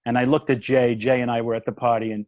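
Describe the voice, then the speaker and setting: A man in his fifties, a comedian turned minister, telling a story in a casual chat with quick restarts and acted-out dialogue. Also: medium pitch, little pitch movement, a little mellow, dry recording, dull audio.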